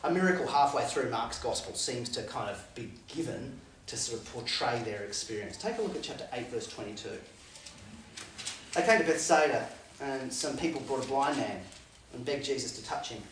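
A preacher giving an animated sermon, laughing between Bible readings and acting out the confused disciples. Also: mid-range voice, normal speed, a little hiss or hum. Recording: echoey hall, voice picked up from a distance.

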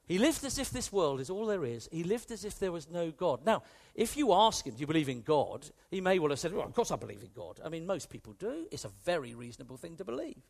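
A male preacher delivers a sermon in a high voice whose pitch leaps up and down in big swings. He speaks with emphasis, a little fast and barely pausing, keeps returning to the same phrases, and puts direct questions to his listeners. His tone is creaky yet a little mellow.

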